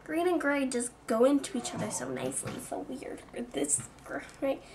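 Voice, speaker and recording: Chatty high-voiced young woman. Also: very animated, normal speed, noisy background. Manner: chatty, lots of "like", self-mocking. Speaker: vlogger. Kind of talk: casual haul video chat.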